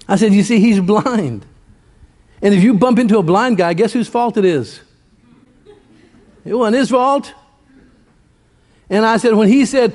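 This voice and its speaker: Pastor guy w a high voice preaching in church, folksy, lots of questions to the crowd. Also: a little mellow. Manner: folksy storytelling with rhetorical questions. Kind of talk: sermon.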